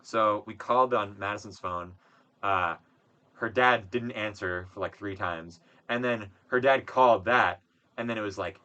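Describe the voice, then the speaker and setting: Low bright-voiced young man telling stories. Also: unhurried, dull audio. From Wisconsin. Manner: rambling storyteller with swearing and fillers. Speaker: podcast co-host. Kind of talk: casual chat.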